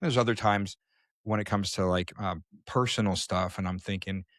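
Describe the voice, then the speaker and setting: A man co-hosting a casual podcast, explaining at length and thinking aloud with frequent pauses. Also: lowish voice, steady tone, a bit bright, no room sound, clean studio sound. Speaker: podcast co-host.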